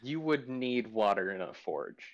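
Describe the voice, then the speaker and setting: A man's voice: lowish voice, big pitch swings, measured pace, muffled recording. A man playing a tabletop game, chatting casually with joking asides. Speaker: player.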